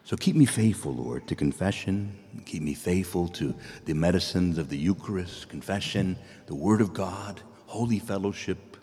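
A man's voice: sits low, lively intonation, normal speed, few pauses, dark tone, big-room sound. A man preaching a sermon, earnest and pleading, who climbs to exclamations and then drops to near whispers.

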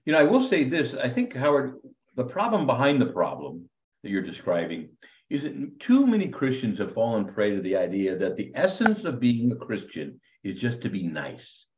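Animated priest teaching a class. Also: male voice, medium pitch, echoey room, lo-fi sound. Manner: animated, preachy, quick asides. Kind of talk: online class lecture.

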